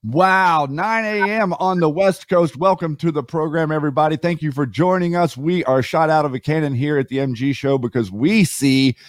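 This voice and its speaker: A man welcomes listeners to a talk show and speaks with emphatic, declamatory force. His voice is slightly higher than average. The recording is dry and close. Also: normal speed, hardly any pauses, no echo. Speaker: co-host of a live talk show.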